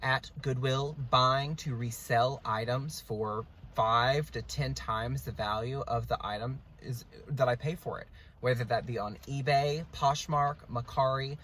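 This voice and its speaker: A middle-aged estate liquidator and reseller from Oklahoma, USA, chats casually to camera in a rambling vlog style, full of ums and asides. His mid-range voice is fairly bright with fairly even intonation, a little slow, and there's a little hiss or hum.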